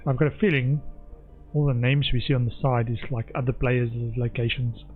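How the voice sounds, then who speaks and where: A man of middle pitch talks casually through a video game stream. He thinks out loud and reads the game's prompts as he goes. Faint music sits in the background. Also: fairly even intonation, moderate pace, narrow, tinny audio. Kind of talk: casual gameplay commentary.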